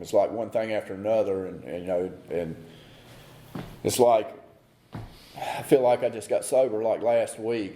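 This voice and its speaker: A man's voice: lowish voice, warm tone, echoey room. A middle-aged man sharing his recovery story at a meeting, rambling with many fillers and restarts. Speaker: AA speaker. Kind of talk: recovery talk.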